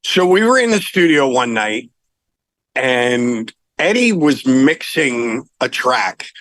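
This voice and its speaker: Animated middle-aged rock singer telling stories. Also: male voice, mid-range voice, takes it slowly, no room sound, low-quality recording. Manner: animated, laughs while telling anecdotes. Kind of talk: casual storytelling interview.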